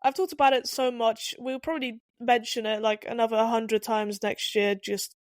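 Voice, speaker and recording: High-voiced woman, blunt podcast film chat. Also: fairly even intonation, normal speed, no room sound, clean studio sound. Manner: blunt, opinionated, hesitant restarts. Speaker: podcast co-host. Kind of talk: casual film review chat.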